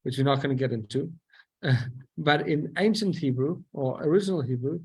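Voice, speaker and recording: Male teacher, husky and slightly high, explains a text step by step, asks his own questions and answers them. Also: brisk.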